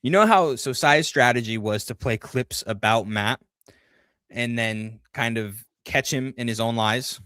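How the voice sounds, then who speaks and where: A man's voice: mid-range voice, unhurried, pushed and bright, clear, resonant tone, no echo, clean studio sound. A man chatting casually on a livestream, rambling through a story and reading viewer comments aloud. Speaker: livestream co-host.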